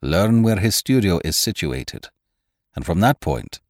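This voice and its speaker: A stern elderly doctor warns in grave, deliberate tones, read by a man. The voice is deep yet swings widely in pitch, recorded dry and close. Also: very animated, a little mellow, dry recording, heavily acted. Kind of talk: audiobook character voice.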